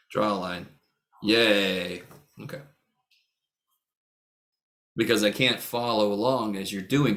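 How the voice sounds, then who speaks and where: A math instructor gives a casual online lecture over a video call in a lowish, slightly bright male voice. He's a joking, blunt talker who swears freely and teases his students by name.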